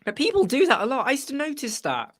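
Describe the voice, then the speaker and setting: A man's voice: very high-pitched, wildly swooping pitch, fast, fairly bright tone. A man hosting a live web chat, rambling casually and mimicking other people's voices as he tells anecdotes.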